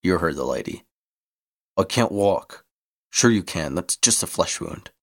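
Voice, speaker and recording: A man voicing a brash, bold male rebel leader who speaks loudly and rousingly in a storybook reading. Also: deep voice, lively intonation, unhurried, creaky, exaggerated voice. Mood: gruff.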